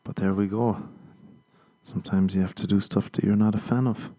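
Irish male podcaster, lowish voice, loose self-mocking comic rambling. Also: steady tone, normal speed, warm tone. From Ireland. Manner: rambling, self-mocking storytelling with acted-out dialogue. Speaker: podcast host. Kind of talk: comedic solo podcast monologue.

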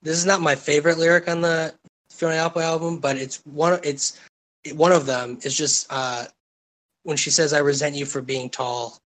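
A man's voice: fairly high pitch, steady tone, moderate pace, a bit bright. A man co-hosting a casual chat, talking in profane, emphatic rants. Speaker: podcast co-host.

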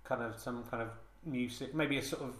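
Brisk and mid-range, the host's voice holds fairly even intonation. On his comedy podcast he drifts through a mock-solemn monologue with plenty of hesitations and restarts. Echoey room sound fills the handheld digital recording.

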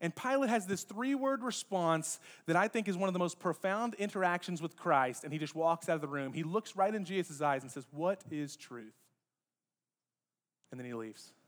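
A man preaching a conversational sermon as a pastor, lively and addressing the congregation directly with joking asides. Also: sits high, a little fast, hardly any pauses. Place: church sanctuary.

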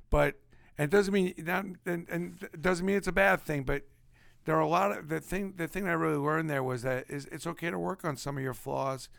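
Gravelly Brooklyn man telling stories. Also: mid-range voice, no room sound, studio quality. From Brooklyn, New York. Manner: animated, emphatic storyteller. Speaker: guest. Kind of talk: casual storytelling.

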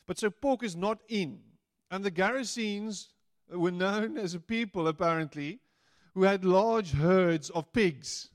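A male pastor delivering a sermon at an unhurried pace. His voice sits a bit higher than most men's and is recorded dry and close. He keeps it playful, acting out quoted lines in little voices. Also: no room sound.

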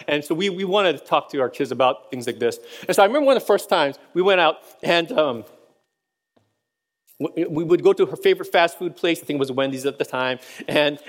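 Guy pastor telling stories in his sermon, chuckles a lot, hall reverb on the voice. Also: fairly high pitch. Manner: storytelling, chuckles between points.

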